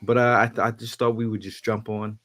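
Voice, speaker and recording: Upbeat low-voiced man hosting a podcast. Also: level tone, a little fast, a bit bright. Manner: upbeat, hype-building, repeats words. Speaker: podcast host. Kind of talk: casual sports podcast chat.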